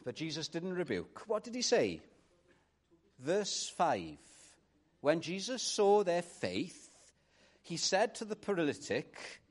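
A man preaching a sermon in an earnest manner, rising to emphatic calls and dropping to quiet reflection. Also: on the high side, sing-song, slow.

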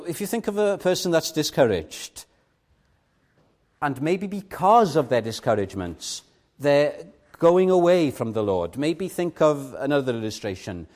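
Young man preaching a sermon; earnest, emphatic, slightly raised voice with wide pitch movement. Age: young adult. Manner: earnest, emphatic, swinging between loud stresses and soft drops.

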